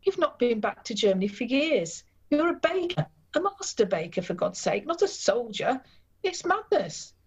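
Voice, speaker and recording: A woman's voice: on the high side, very animated, normal speed, husky, pitched above the performer's own voice. Woman reading a panicked young island wife. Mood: alarmed. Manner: panicked, pleading. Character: young woman on occupied island, anxious, distraught. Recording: dull lo-fi recording.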